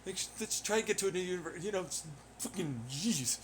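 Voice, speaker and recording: High-pitched guy ranting and cussing, voice all over the place. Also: lively intonation, a little fast, a little hiss or hum. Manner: profane, full of rhetorical questions. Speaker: vlogger. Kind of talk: rambling monologue.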